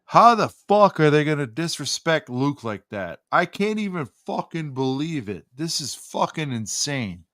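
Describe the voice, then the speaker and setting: A man's voice: a little high, big pitch swings, unhurried, few pauses, a bit bright, no room sound. A man talks unhurriedly on a casual podcast, winding through a profane, ranting story. His voice sits close and dry, with no room sound around it. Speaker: podcast co-host.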